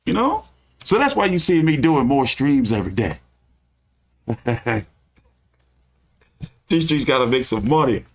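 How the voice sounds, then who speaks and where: A man's voice: medium pitch, lively intonation, a little slow, pauses often. A man hosting a casual boxing news live stream, with a loose, profane, ranting delivery full of fillers.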